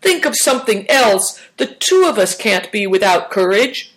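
A woman voicing an eager, stubborn young boy in a storybook reading, her voice raised higher than her narration. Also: big pitch swings, moderate pace, lightly acted, poor audio. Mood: insistent.

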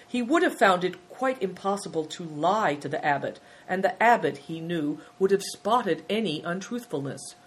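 A woman narrating a children's storybook in a measured, gentle reading style, with a breathy voice. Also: deep voice.

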